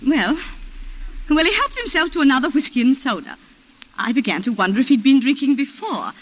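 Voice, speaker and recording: A refined, high-voiced wife. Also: female voice, very animated, fairly quick. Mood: strained, ashamed. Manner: refined, emotional, breathless recounting. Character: genteel planter's wife confessing a shooting. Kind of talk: 1940s radio acting. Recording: lo-fi old radio broadcast.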